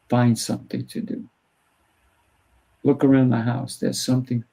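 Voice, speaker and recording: A man with a medium-pitched, warm voice hosts a casual interview, speaking at a moderate pace with little pitch movement, vocal fry, a breathy edge and long pauses. He's a martial arts teacher, and he coaches firmly while acting out little exchanges with kids. The recording is rough.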